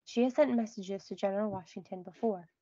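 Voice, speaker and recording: A woman's voice: mid-range voice, brisk, dark tone, slightly rough, no room sound, highs cut off, natural voice. Woman voicing a grave colonial father. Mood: stern. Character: stern, careful colonial father.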